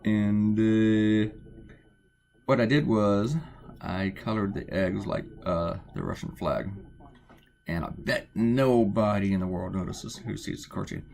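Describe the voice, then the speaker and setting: Man, slightly low voice, meandering self-deprecating chatter while drawing at home, kept quiet. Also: slow pace, creaky. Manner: quiet to avoid waking people. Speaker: cartoonist narrating his drawing. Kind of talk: casual rambling commentary while drawing. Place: at home, drawing early in the morning.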